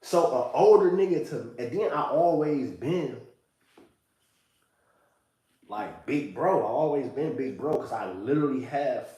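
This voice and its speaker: A man in his thirties talks through a reflective monologue in loose street slang, leaning on "you know what I'm saying." His voice sits at an ordinary middle pitch. The mic is some way off, and the room echoes heavily around him. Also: lively intonation, moderate pace, warm tone, recorded from a distance. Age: 30s.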